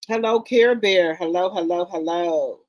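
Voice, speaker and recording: A woman's voice: on the low side, measured pace, darkish tone. A woman hosting a casual livestream, greeting viewers by name in an informal, repetitive, chatty way, with features. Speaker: livestream host.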